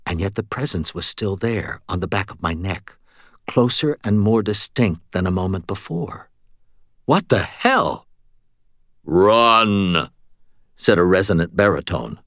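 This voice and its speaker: A man narrating a first-person story in a wry, lively way. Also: low voice, normal speed, no echo, clean studio sound. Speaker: audiobook narrator.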